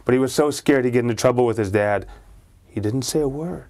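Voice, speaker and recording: A man's voice: mid-range voice, a little fast, a little mellow. Man telling a spooky ghost story. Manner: dramatic, chuckling.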